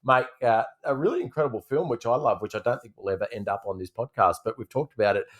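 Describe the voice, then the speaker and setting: A man presenting a podcast segment in a relaxed, rambling way. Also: mid-range voice, fast.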